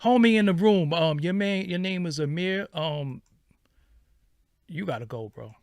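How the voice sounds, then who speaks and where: A man hosting a livestream, ranting casually in animated, profane street slang. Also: sits high, a little slow, clean tone, dry recording. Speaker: livestream host.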